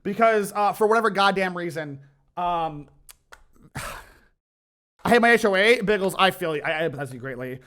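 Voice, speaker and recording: A man's voice: high-pitched, lively intonation, normal speed, pauses often, a bit bright. A man streaming his reaction to a video, ranting heatedly and swearing, with bursts of laughter. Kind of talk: casual reaction commentary.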